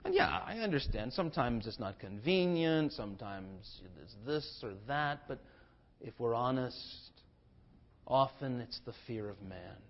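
A pastor preaching a sermon, shifting between hushed passages and forceful declarations. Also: male voice, medium pitch, lively intonation, unhurried. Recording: dull lo-fi sermon recording.

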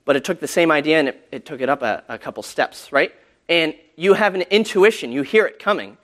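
A man with a high, light voice teaches a church class about hymn tunes. He talks casually, with fillers and restarts, and hums short snatches of melody to show his points. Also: brisk, loud music behind the voice.

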